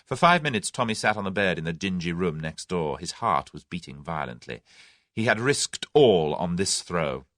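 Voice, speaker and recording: Expressive male audiobook narrator. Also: deep voice, moderate pace, no echo, studio quality. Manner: expressive, dramatic reading. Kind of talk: scripted narration.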